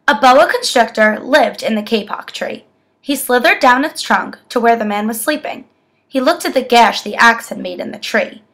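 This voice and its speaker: A young woman reading a children's picture book aloud with expressive storytelling. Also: a little high, moderate pace. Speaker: education student.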